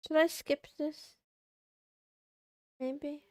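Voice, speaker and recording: A woman's voice: high voice, lively intonation, slow, no room sound, studio quality. A young woman streamer chatting casually to her chat, playful and a bit whiny, meowing and muttering to herself. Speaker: VTuber livestreamer.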